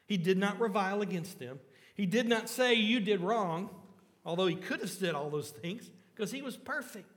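A man's voice: high voice, animated, moderate pace, a bit bright, in a large hall. A man preaching a sermon in church, earnest and often asking the listeners questions.

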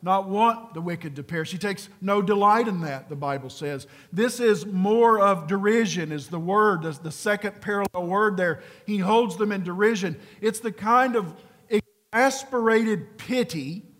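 High-voiced preacher in a reverberant hall. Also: male voice, a little slow. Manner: earnest, pleading, dropping to a hushed low voice for emphasis. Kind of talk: sermon.

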